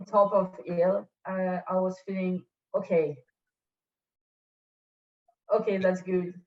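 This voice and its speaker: A woman from France with a French accent, a guest in a casual interview, speaking English haltingly and searching for words over a video call. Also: fairly low pitch, level tone. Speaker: podcast guest. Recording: distant, dull call audio.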